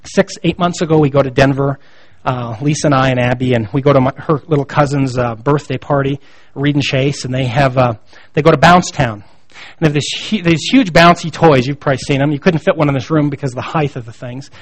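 A man's voice: mid-range voice, brisk. A man in his thirties preaching a sermon, telling stories from his family life in a conversational, self-deprecating way. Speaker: pastor. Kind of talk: sermon with personal storytelling.

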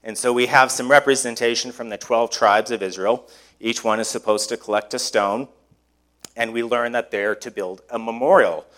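A pastor preaching a sermon in a conversational way, often putting rhetorical questions to the congregation. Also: male voice, medium pitch, steady tone, moderate pace, a bit bright.

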